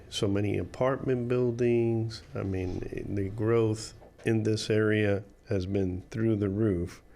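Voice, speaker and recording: An upbeat man hosts a casual radio interview, cheering his guest on. His voice sits a little low. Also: a little mellow. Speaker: radio show host.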